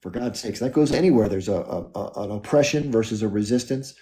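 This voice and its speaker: Low-voiced earnest male stream host. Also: a little fast, poor audio. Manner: earnest, reflective, argues calmly. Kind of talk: casual live-stream talk.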